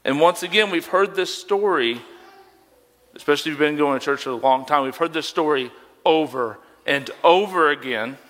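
A man's voice: a little high, normal speed, a bit bright, big-room sound. A young man preaching a sermon as a youth pastor, conversational and emphatic, asking rhetorical questions.

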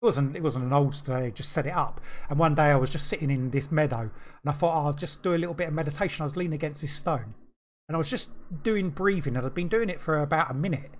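A man's voice: on the high side, fast talker. A man co-hosting a podcast, telling a rambling story in casual chat, full of restarts and fillers. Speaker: podcast co-host.

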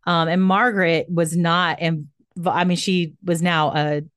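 A woman's voice: on the low side, little pitch movement, unhurried, fairly bright tone, smooth, no room sound, studio quality. A young adult woman co-hosting a podcast, casually retelling history and leading the story with frequent "um" and "I mean". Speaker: podcast co-host.

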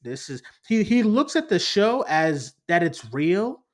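A man's voice: sits high, very animated, slow. A man hosting a casual chat show, riffing and laughing as he talks. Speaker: podcast host.

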